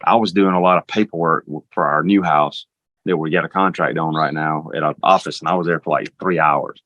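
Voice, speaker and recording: A man's voice: rumbling low, steady tone, a little fast, a bit bright, no room sound, muffled recording. A middle-aged man speaking as a father in an interview, brief and matter-of-fact. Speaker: father of a teen son. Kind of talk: casual interview talk.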